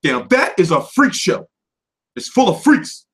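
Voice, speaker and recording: A man hosting a boxing livestream from home, ranting off the cuff with lots of swearing, switching between loud outbursts and mumbled asides. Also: high-pitched, very animated, unhurried, breathy edge. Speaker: boxing commentary livestream host. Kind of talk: profane off-the-cuff rant.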